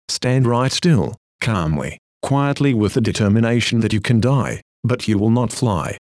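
A man reading a sermon aloud in an earnest, measured manner of exhortation. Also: mid-range voice, a little mellow, no echo, studio quality. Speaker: preacher.

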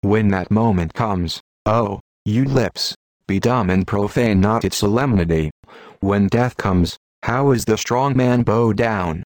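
A man's voice: fairly low pitch, slow, darkish tone, dry recording. A man delivering an old-fashioned sermon in a solemn, declamatory way. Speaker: preacher. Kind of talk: Victorian sermon reading.

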